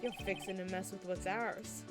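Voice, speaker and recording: A woman's voice: mid-range voice, steady tone, normal speed, pitched below the performer's own voice, lightly acted. A woman voicing a swaggering male cowboy detective in a put-on Southern drawl, over video game music. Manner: lazy folksy drawl.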